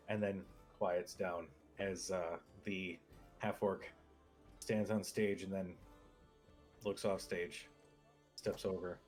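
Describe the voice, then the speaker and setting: A man narrating a tabletop game as game master, casual and rambling. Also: deep voice.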